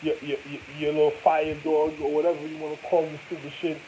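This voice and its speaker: A man's voice: fairly high pitch, completely flat delivery, fast talker, mellow, slight background noise, poor audio. A man in a rambling, profane monologue that jumps from topic to topic.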